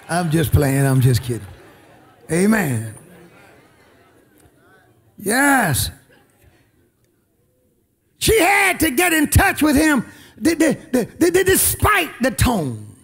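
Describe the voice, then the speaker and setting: A man preaching a sermon. He is emphatic, calls out to the congregation, and swings between shouted lines and quiet asides. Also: very high-pitched, wildly swooping pitch, slow, vocal fry, pauses often, slightly rough.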